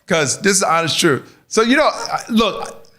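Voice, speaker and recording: A male stand-up comedian doing crowd work in a club, animated and often laughing at his own jokes. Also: high voice, a little slow. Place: comedy club stage with audience.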